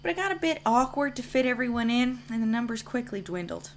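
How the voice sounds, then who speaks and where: A woman's voice: a little high, big pitch swings, a little fast, a little hiss or hum, voice pushed up. A woman reading the lines of a reflective male church janitor from a narrative video game in her own everyday voice, in a musing, matter-of-fact way.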